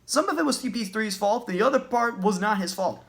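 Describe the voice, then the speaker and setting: A man's voice: sits high, expressive, brisk, vocal fry, fairly bright tone. A man ranting as a basketball fan in a vlog, agitated, profane and repeating himself. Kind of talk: sports rant vlog.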